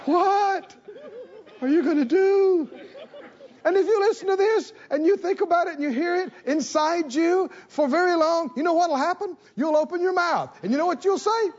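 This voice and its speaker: Male preacher, high voice, repeats lines for emphasis, church congregation, muffled sound. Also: fairly quick, few pauses. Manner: animated, repeating phrases for emphasis. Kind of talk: sermon.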